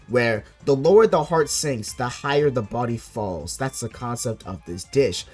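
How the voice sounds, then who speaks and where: A man recapping a manga chapter in casual, slangy chat, getting loud and worked up when upset. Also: medium pitch. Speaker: manga reaction youtuber.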